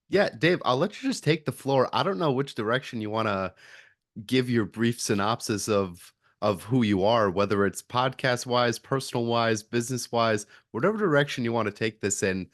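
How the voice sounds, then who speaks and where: A man hosting a podcast, asking his guest questions in a relaxed, casual way. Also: mid-range voice, normal speed, no room sound, clean studio sound. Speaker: podcast host. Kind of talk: casual interview chat.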